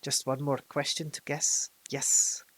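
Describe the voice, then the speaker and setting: A man's voice: medium pitch, level tone, unhurried, a bit bright. A man voicing a slimy, greedy male cave creature, in a hissing, whispery voice. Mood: wheedling. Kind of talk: storybook reading.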